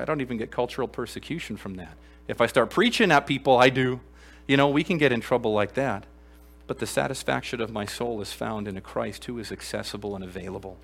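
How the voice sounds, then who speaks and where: A man preaching a sermon to a live congregation in a church, emphatic and earnest, swinging from loud exclamations to quiet asides and asking the room questions. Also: mid-range voice, creaky. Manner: addresses the congregation directly with questions. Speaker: pastor.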